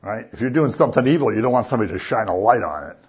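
A man's voice: fairly low pitch, animated, very fast, slightly rough, highs cut off. A man giving a casual, conversational sermon and often checking in with his listeners. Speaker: preacher.

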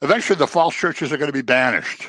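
A man preaching a sermon in a conversational way, with joking asides and animated delivery. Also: on the high side, fast, no room sound.

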